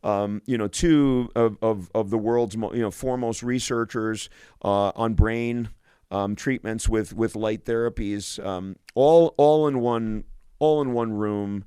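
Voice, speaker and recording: A man's voice: fairly low pitch, unhurried, mellow, clean tone, no room sound, clean studio sound. A male physician hosting a radio show, talking enthusiastically on his own, often restarting and repeating words. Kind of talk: solo radio talk.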